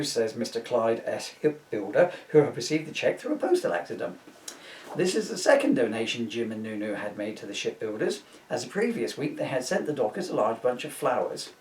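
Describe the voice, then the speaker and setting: A man's voice: mid-range voice, brisk, recorded from a distance. Man reading his comic book aloud. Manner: deadpan jokes, chuckles at his own lines. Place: room, filmed on camera. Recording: roomy sound from away from the mic.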